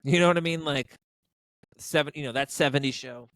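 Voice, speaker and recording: With a slightly high, somewhat bright voice and a fairly quick delivery, a male podcast co-host riffs on films, joking and rambling with many fillers. There's no room sound in the recording.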